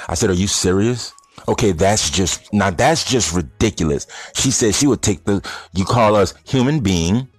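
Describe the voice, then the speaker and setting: Low voiced guy rambling his opinions at his viewers, real blunt, dry sound. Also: a little mellow, no echo. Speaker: vlogger addressing stoner audience. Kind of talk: casual opinion monologue.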